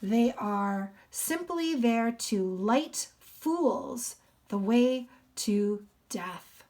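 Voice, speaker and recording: A woman's voice: fairly high pitch, animated, extremely slow, darkish tone. A woman teaching a literature lesson, explaining casually with many fillers. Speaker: English teacher.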